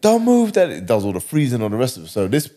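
A man's voice: fairly low pitch, lively intonation, rapid-fire, mellow. A man casually retelling a wild story, rambling and slangy.

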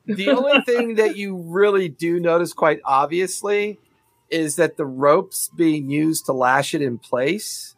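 A man's voice: a little high, animated, unhurried, a bit bright, dry recording. A man narrating as game master of a tabletop game, rambling with many fillers and laughing often.

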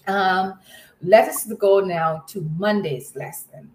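A woman leading a Bible study lesson, asking questions and affirming comments in a slow, measured way. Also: medium pitch, darkish tone, echoey room, a little hiss or hum, rough recording. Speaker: Bible study class leader.

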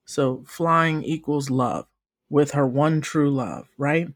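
A young woman co-hosts a casual podcast, talking emphatically and swearing freely. Her voice keeps leaping up into high, excited bursts as she gets carried away. She is recorded dry and close, with no room sound. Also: slow pace, dry recording. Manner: emphatic, profane, swings into high excited exclamations. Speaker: podcast co-host. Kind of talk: casual chat.

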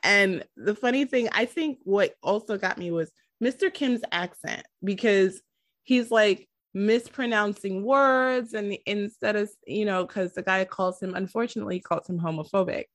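A woman co-hosting a casual chat about a TV episode, animated and laughing as she retells scenes. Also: medium pitch, moderate pace, no room sound. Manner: animated, laughing, acts out quotes from the show. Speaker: podcast co-host reviewing a TV episode.

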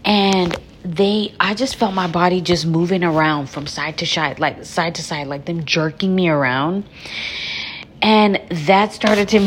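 A woman's voice: lowish voice, husky. Profane, chatty young woman telling a story. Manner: candid, profane, chatty, addresses viewers as y'all. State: sore from surgery, holds back laughing. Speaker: vlogger recounting her birth. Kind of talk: casual storytelling to viewers.

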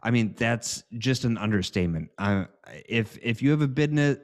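A man's voice: lowish voice, normal speed. A man hosting a podcast, reading sponsor spots in a loose, giggly, rambling way. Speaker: podcast host. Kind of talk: casual sponsor read.

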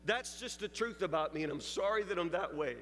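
A man's voice: sits high, fairly quick, a bit bright. A man preaching a sermon, telling a story in a confessional, building way. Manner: storytelling, confessional, rising intensity. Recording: long hall reverb with faint music.

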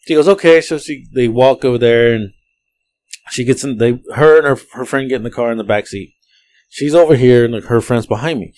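A man, a podcast co-host telling rideshare driving stories in a profane, animated way, acting out the quotes. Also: mid-range voice, a little fast. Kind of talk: casual storytelling chat.

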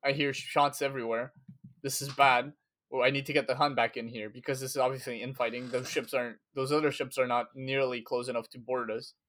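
A man's voice: medium pitch, flat delivery, brisk, fairly bright tone, close to an everyday voice. Flustered ship officer rambling about shots everywhere, a guy putting it on mid-chat. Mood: panicked. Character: panicked officer aboard a warship.

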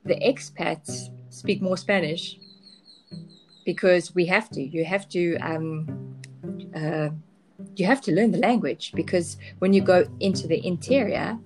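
A woman chatting as a podcast guest, candid and hesitant, with many pauses and restarts. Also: on the low side, soft background music. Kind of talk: casual podcast chat.

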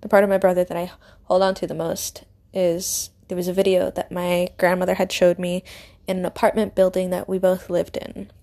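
A woman's voice: lowish voice, level tone, a little fast. Young woman telling a heartfelt story. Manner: heartfelt and emotional, often dropping to a soft whisper. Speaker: vlogger. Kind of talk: personal faith-based storytelling.

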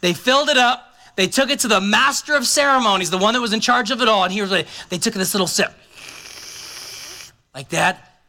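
Man, pastor, sermon, high-pitched, very bright tone, chatty, joking asides. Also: brisk.

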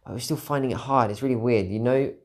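A man's voice: medium pitch, fast. A tired man hosting a podcast alone, talking candidly and reflectively in a rambling way, repeating phrases for emphasis. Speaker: podcast host. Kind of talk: reflective solo monologue.

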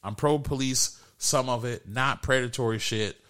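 A man from Detroit hosting a casual comedy podcast, telling stories in a loose, animated way with lots of fillers. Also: medium pitch, moderate pace, clean tone. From Detroit, USA. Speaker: podcast host.

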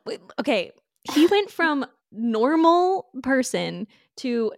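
A woman's voice: sits high, sing-song, takes it slowly, creaky, dry recording, clean studio sound. A woman guest on a podcast, chatting casually and laughing often. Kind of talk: casual chat.

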